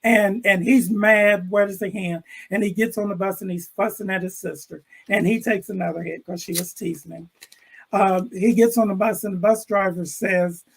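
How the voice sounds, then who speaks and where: An older man, an educator, telling a classroom story with animated delivery and acting out the characters' lines over a video call. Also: sits high, moderate pace, creaky, slightly rough, poor audio. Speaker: interview guest, educator. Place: room with bookshelves.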